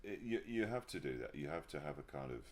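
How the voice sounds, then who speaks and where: A man talking candidly as an interview guest, often pausing and restarting his sentences before warming into animated storytelling. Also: rumbling low. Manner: halting, restarts sentences, then grows animated telling anecdotes. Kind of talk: casual reflective conversation. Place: livestream conversation.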